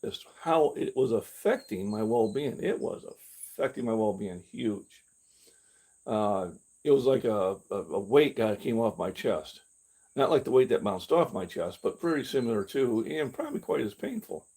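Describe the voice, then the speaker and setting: A man's voice: fairly low pitch, expressive, moderate pace, dark tone. An older man hosting a fitness channel, talking candidly in a rambling live-stream, with many restarts. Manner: candid, meandering, with frequent restarts; acts out his own past reactions in a mocking voice. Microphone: camera he carries himself.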